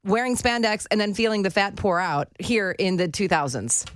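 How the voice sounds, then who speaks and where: A woman's voice: mid-range voice, animated, moderate pace. A woman co-hosting a radio show, asking questions with enthusiasm and laughing easily. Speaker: radio co-host. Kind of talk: radio interview.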